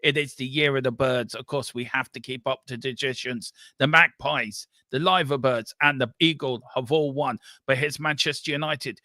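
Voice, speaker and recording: Host, male, bright and dry-toned, excitable live match caller. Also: medium pitch, normal speed, hardly any pauses, no echo. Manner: excitable, running commentary with banter. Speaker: watchalong host. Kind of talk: live football play-by-play.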